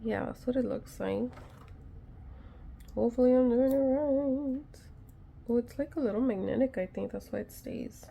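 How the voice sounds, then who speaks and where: A craft vlogger chats casually with her viewers while fixing something at home, sounding a little nervous and joking about her own methods. Her voice sits on the high side, creaky and mellow, at a normal speed, with slight background noise.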